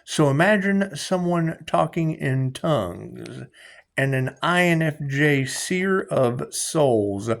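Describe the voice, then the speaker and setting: Animated rambling man on a live stream. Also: a little high, creaky. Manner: loose, profane, laughing, repeats himself. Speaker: spiritual tarot streamer answering viewer questions.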